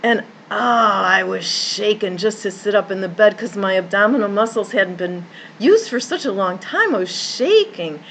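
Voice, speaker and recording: A woman's voice: medium pitch, expressive, moderate pace, hardly any pauses, a bit bright, a little hiss or hum, low-quality recording. A woman who works as a life coach, telling a personal story in an earnest way, with many restarts and repeated words. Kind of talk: personal story told to camera.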